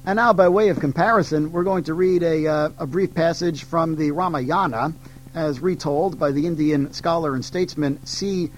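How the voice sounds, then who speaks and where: A man's voice: a little high, moderate pace, low-quality recording. A man reading literature passages aloud as a teacher, with ums and restarts when he talks between passages. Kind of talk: classroom read-aloud of literature.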